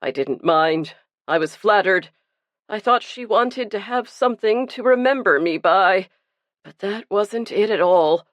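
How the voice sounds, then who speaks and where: A woman's voice: medium pitch, animated, measured pace, no echo, close to an everyday voice. A woman reading the part of a guilt-ridden, burly male pastor who confesses earnestly and pleads for himself. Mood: pleading.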